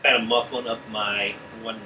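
A man's voice: lowish voice, flat delivery, normal speed, pushed and bright. Casual man player, mic far off. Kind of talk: tabletop game play. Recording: distant mic, air-conditioner hum.

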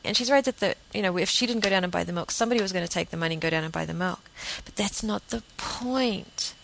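A woman's voice: mid-range voice, fast, creaky, fairly bright tone, a little hiss or hum, low-quality recording. A middle-aged woman talking earnestly to camera in a casual monologue, rambling and repeating herself for emphasis. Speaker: vegan vlogger.

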